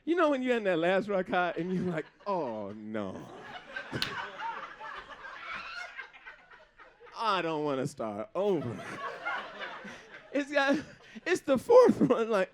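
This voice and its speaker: A man doing live stand-up comedy on a stage before an audience, talking in an animated way, laughing between jokes and slipping into funny put-on voices. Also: high voice, moderate pace, background noise.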